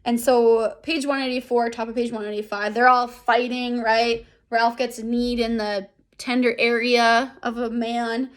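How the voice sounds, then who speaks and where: A young woman teacher walks her students through a book in a recorded lesson. Her voice sits a bit on the high side. She speaks in a loose, chatty way, full of fillers, and checks in with "right?" now and then. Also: level tone, a little slow, hardly any pauses. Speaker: English teacher.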